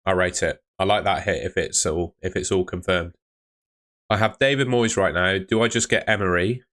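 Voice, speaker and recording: A man runs a casual live stream. His voice sits a little low, and he chats loosely through viewers' questions, tossing in "mate" as he goes. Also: moderate pace, a bit bright. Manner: chatty, answers viewers' questions, calls them mate.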